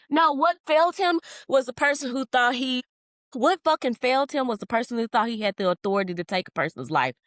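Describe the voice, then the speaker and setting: A woman's voice: medium pitch, fairly bright tone, no room sound, clean studio sound. A woman hosting a podcast in casual solo talk, answering comments in a heated, blunt and profane way with emphatic outbursts. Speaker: podcast host.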